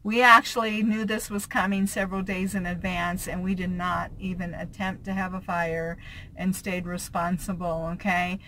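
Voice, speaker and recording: A woman's voice: fairly low pitch, little pitch movement, moderate pace, pushed and bright, slight background noise. A woman vlogging from inside her van, chatting casually with frequent fillers and little laughs. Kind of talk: casual vlog chat.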